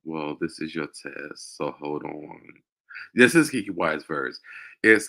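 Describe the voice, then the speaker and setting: A man hosting his own show, speaking emotionally in a halting personal monologue with many pauses and fillers. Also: very deep voice, expressive, gravelly, bright, forceful tone. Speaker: show host.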